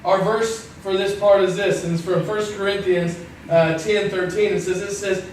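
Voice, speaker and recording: A man with a high voice gives a chatty, joking sermon and slips into little voices for the people in his stories. He is heard from a distance, in a very echoey church hall with faint noise behind him. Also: fairly even intonation, moderate pace. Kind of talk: casual sermon.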